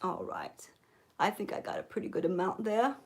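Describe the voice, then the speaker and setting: A woman giving a mock makeup tutorial, coaxing viewers with deadpan ironic influencer patter and frequent "okay?"s. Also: medium pitch, fast talker. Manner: coaxing, keeps repeating "okay?". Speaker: beauty vlogger.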